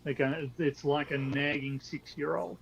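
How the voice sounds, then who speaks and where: A man co-hosting a casual podcast chat, talking in a halting way with many fillers and restarts. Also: fairly high pitch, little pitch movement, gravelly. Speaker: podcast co-host. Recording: dull lo-fi audio with faint noise.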